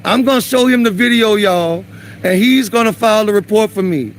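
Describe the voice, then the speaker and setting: A man confronting police on a street, angry and profane, repeating himself and shouting at times. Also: high voice, fairly quick, slight background noise.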